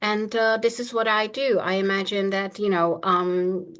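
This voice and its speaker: A woman's voice: mid-range voice, measured pace, hardly any pauses, a bit bright. Confident woman coach, playful and assured. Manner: confident, playful, laughs often. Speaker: manifestation coach. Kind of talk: casual coaching chat.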